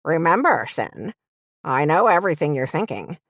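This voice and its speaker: A woman's voice: low-pitched, big pitch swings, moderate pace, dry recording, voice pushed down, heavily acted. A woman voicing a bossy, smug elderly witch aunt with a taunting, sing-song manner, in an audiobook.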